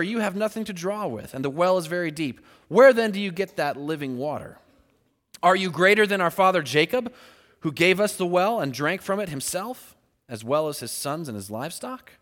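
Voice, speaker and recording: A man's voice: fairly high pitch, fairly bright tone, in a large hall. A man preaching a sermon, acting out the voices in the scripture story as he goes.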